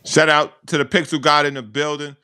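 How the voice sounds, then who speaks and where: A man co-hosting a sports talk show, delivering a loud, preachy comic rant. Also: a little high, level tone, a little fast, clean tone. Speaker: co-host. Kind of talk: sports radio banter.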